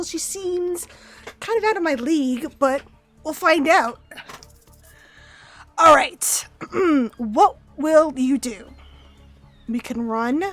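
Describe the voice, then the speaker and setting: A woman streaming a game playthrough, reading the on-screen text aloud with playful, laughing asides. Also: sits high.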